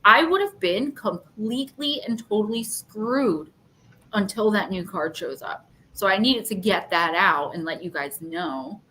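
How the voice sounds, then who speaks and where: A woman's voice: mid-range voice, expressive, a little slow, bright, forceful tone, a little hiss or hum. A woman hosting a casual livestream, telling an annoyed story and acting out both sides of phone calls. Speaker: livestream host.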